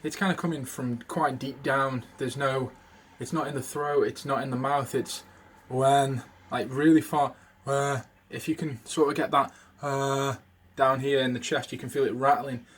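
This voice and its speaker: A man's voice: mid-range voice, steady tone, moderate pace, hardly any pauses, breathy edge. Casual male video creator teaching impressions: loose and rambling, full of fillers. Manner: rambling, with many fillers and restarts. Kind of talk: casual spoken tutorial.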